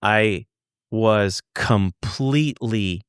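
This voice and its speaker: A man guest on a podcast, earnestly telling a story, halting and searching for words, swearing for emphasis. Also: on the low side, clear, resonant tone, no room sound, clean studio sound. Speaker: podcast guest, former UFO investigator. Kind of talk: conversational storytelling.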